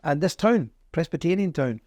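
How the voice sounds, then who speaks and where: Middle-aged Northern Irish male guest, lively pitch, dry room sound; emphatic storyteller. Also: moderate pace, no echo. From Northern Ireland. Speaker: interview guest. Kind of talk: conversational interview.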